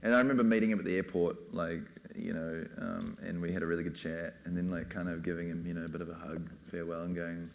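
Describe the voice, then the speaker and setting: A man's voice: low-pitched, steady tone, fast, creaky, hardly any pauses. A man speaking as a film director on a panel, rambling casually with many fillers. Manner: rambling, full of "you know" and "like".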